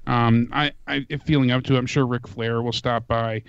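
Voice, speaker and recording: Laid-back co-host with a dull, dry sound. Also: male voice, mid-range voice, level tone, normal speed, smooth, dry recording. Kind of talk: casual call-in chat. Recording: slightly dull, dry audio.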